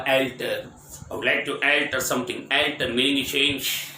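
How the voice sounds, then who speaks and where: Bright-voiced man teaching vocabulary in echoey room. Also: medium pitch, fairly even intonation, normal speed. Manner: spells words letter by letter, asks "Clear?"; repetitive, explanatory. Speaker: English teacher. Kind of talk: vocabulary lesson. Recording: echoey room with faint ambient noise.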